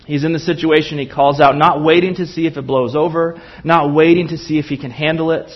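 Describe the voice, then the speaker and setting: A man's voice: on the high side, fairly even intonation, brisk, lo-fi sound. A man preaching a sermon in church, earnest and impassioned, with emphatic repetition. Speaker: pastor.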